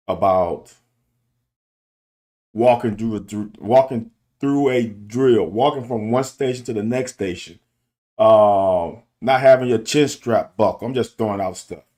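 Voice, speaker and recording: A man's voice: on the low side, measured pace, pauses often, mellow. A middle-aged man and football coach talking candidly in a casual monologue, restarting and repeating himself to make his point. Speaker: football coach and show host. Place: car.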